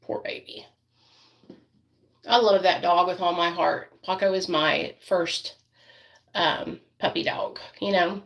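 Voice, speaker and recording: A woman's voice: lowish voice, fairly even intonation, unhurried, gravelly, a bit bright. A woman vlogging casually while doing her makeup, rambling and chatty with many fillers, and doting on her dog. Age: adult parent.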